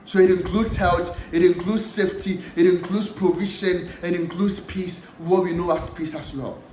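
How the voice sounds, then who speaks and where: A man's voice: high-pitched, steady tone, normal speed, a little mellow, echoey room, slight background noise, rough recording. A man preaching a sermon and teaching a Bible passage, repeating key phrases for emphasis.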